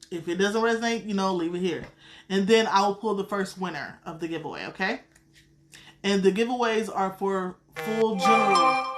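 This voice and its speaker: A woman with a Southern accent chats through a tarot reading on a live stream, her voice sitting in a middling pitch. She is blunt and profane, swearing freely while calling her viewers sweetheart. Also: a bit bright. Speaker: tarot card reader. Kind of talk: casual live-stream chat.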